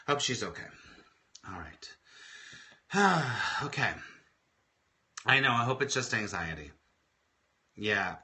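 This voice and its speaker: A man with a strikingly bright, cutting voice hosts a live inspirational morning show. He coaches and tells stories with lots of expression, doubling back to repeat his phrases. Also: low voice, expressive, normal speed, long pauses, a little hiss or hum. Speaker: spiritual coach and show host.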